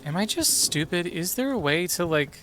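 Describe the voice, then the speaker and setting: A man's voice: sits high, big pitch swings, normal speed, a bit bright, soft background music. A man streaming a horror game, chatting casually and swearing freely while he mutters to himself and answers chat. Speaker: streamer and voice actor.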